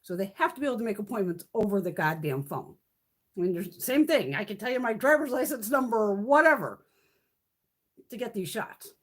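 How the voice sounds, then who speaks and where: A beauty vlogger in her fifties rambles through a relaxed live stream, cursing freely and laughing a lot. She speaks in a mid-range voice, very animated and at a fairly quick clip.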